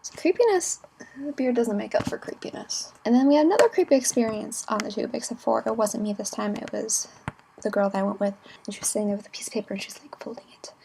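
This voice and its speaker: A young woman chatting casually in a travel vlog, giggly and playful with quick asides. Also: a little high, vocal fry, noisy background. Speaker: vlogger.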